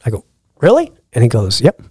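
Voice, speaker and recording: Speaking briskly with a medium-pitched voice, the lodge owner spins a lengthy, relaxed story on the podcast, voicing each character's lines himself. The recording is dry.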